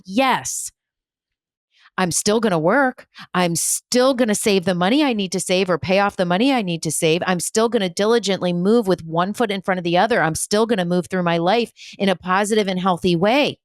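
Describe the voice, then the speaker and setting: A woman's voice: mid-range voice, moderate pace, no room sound, clean studio sound. A woman hosting a spiritual podcast, giving an emphatic, repetitive motivational talk with blunt swearing and humor. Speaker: spiritual medium and podcast host.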